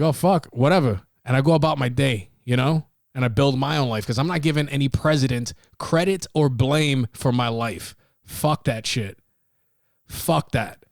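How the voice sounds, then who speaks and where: A man's voice: medium pitch, no echo, clean studio sound. A man hosting a casual solo podcast, talking bluntly and profanely, rambling with restarts. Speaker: podcast host.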